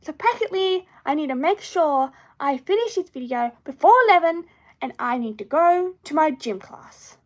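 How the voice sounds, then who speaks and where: A woman with a very high voice talks on a live stream, recorded on her phone in a room at home. She rambles and restarts her sentences, drifting playfully from one thing to the next. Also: animated, moderate pace. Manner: rambling, full of restarts and self-corrections; playful, drifts between topics. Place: indoor room at home with plush toys.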